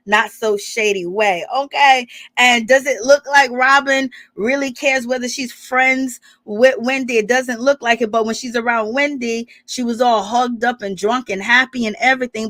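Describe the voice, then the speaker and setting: A woman's voice: fairly high pitch, fairly bright tone, no echo. A woman giving casual, sassy gossip commentary as a reality TV recap vlogger, chatty and full of rhetorical questions.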